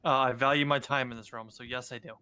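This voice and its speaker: Man, calm witness, smooth bright voice, dry close sound. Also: medium pitch, quick pace. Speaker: witness, a judge in the game. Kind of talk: role-play witness testimony.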